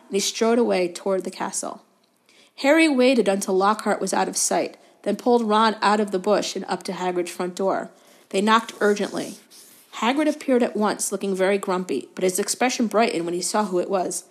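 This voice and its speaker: A woman reads a children's novel aloud with steady, even narration. Her voice sits at an ordinary middle pitch. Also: fairly quick. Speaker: guest reader.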